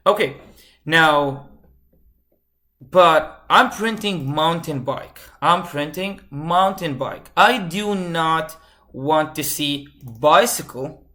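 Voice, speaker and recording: A man's voice: fairly high pitch, lively intonation, slow, sharp tone. A man instructor giving a live coding lecture, repeating key phrases and asking the class questions. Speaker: computer science instructor.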